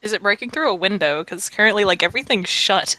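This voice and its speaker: A woman's voice: mid-range voice, lively intonation, fast, bright, forceful tone, dry recording. A woman narrating as game master in a laid-back, slangy way, swearing freely. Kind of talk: casual tabletop game narration.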